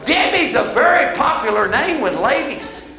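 An older man preaching a revival sermon in a church, folksy and shouting, calling for amens from the congregation. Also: very high-pitched, very animated, normal speed, creaky, echoey room, low-quality recording. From American mountain South. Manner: folksy, shouting, call-and-response. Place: church sanctuary.

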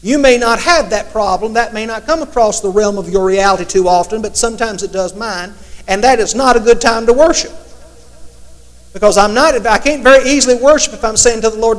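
A man's voice: high voice, fairly quick. A man preaching a sermon in a conversational way, now and then acting out imagined prayers to God. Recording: long hall reverb.

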